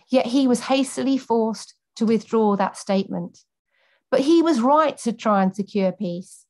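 A woman's voice: on the high side, darkish tone. A woman campaigner speaking earnestly, giving a prepared speech and then answering questions off the cuff with many fillers.

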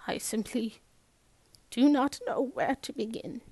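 A woman's voice: on the high side, takes it slowly, a little mellow, slightly rough, no room sound, heavily acted. Woman voicing a distraught older headmistress. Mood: reproachful.

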